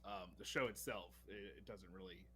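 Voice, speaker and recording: A young man on a podcast, talking in a bright, forceful voice. He rambles enthusiastically with lots of fillers and restarts. A faint hum sits under the recording. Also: low voice, fairly even intonation, moderate pace. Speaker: podcast co-host. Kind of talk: casual chat.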